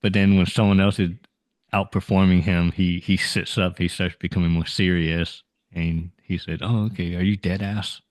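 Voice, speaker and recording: A man's voice: deep voice, flat delivery, normal speed. A man in his forties, co-hosting a podcast, chatting casually and playfully acting out silly scenes. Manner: playful, acts out silly scenarios with laughter. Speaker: podcast co-host. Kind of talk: casual chat.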